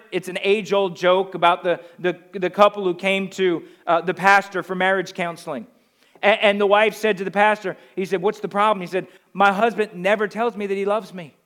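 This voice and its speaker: A man with a high, light voice preaches a sermon in a New Jersey accent. He drives his points home with repeated rhetorical questions, leaning hard on key phrases. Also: a bit bright. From Northeastern US. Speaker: pastor.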